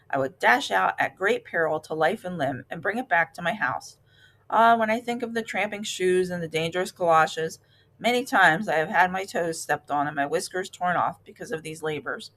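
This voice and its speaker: A stingy little mouse who is given to melodrama, pleading in a high, pitiful voice as he clings to his savings, as a woman reads him aloud. It is a storybook read-aloud with a fairly low-pitched reader behind it. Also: fairly bright tone. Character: fussy, dramatic, stingy male mouse.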